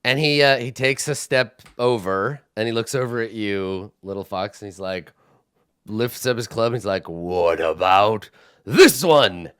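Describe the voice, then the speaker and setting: A man's voice: mid-range voice, fairly even intonation, moderate pace, fairly bright tone, smooth, dry recording, clean studio sound. A man narrating a tabletop game as game master, describing the scene unhurriedly.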